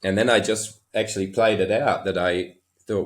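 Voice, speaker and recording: This Australian man, a horse trainer appearing as a podcast guest, has a low, steady voice and talks a little fast with hardly any pauses. He tells his stories casually, interview-style, loose and chuckling and packed with fillers.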